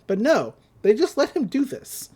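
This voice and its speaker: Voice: mid-range voice, wildly swooping pitch, moderate pace, darkish tone, slightly rough. A podcast host casually recapping a cartoon episode, amused and rambling, slipping into quoted voices.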